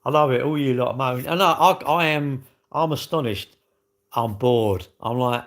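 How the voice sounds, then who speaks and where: A man's voice: mid-range voice, measured pace, fairly bright tone. A British man chatting casually on a livestream, rambling animatedly with slang as he answers viewers' comments. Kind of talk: casual live-stream chat.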